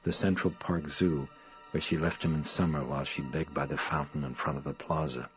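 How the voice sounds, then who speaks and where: A man narrating a horror audiobook in a measured, somber manner. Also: rumbling low, fairly even intonation, soft background music. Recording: dry, slightly dull lo-fi recording.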